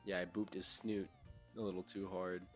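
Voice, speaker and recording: A young man hosts a casual podcast chat, rambling along in a laid-back way and using plenty of fillers. His voice is deep and a bit bright, with little pitch movement and a normal speed. Faint music plays behind him.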